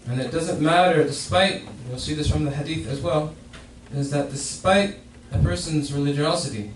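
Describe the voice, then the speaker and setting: A man with a slightly high voice gives a Friday sermon on a hadith at a moderate pace, his intonation fairly even, and he frequently repeats and restarts phrases. The echoey prayer hall is captured by a distant mic with faint noise.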